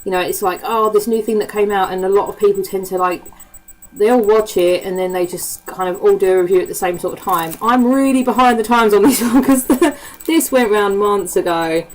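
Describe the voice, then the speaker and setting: Cockney lady vlogging, rambly and sweary, loads of ums, mid pitch voice. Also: fairly quick, slight background noise, low-quality recording. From East End of London. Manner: chatty and swears freely, with frequent laughs and fillers. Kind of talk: casual chat.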